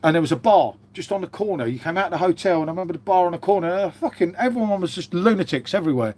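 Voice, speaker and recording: A man's voice: high-pitched, animated, fast, few pauses, darkish tone. A man in his fifties hosting a casual live stream, rambling through stories, swearing freely and calling everyone mate. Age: 50s.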